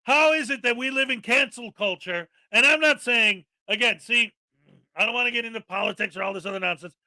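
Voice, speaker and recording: Sarcastic high-voiced ranting man. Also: a little fast, pushed and bright, no echo. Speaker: live-stream commentary host. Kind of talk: daily live-stream rant.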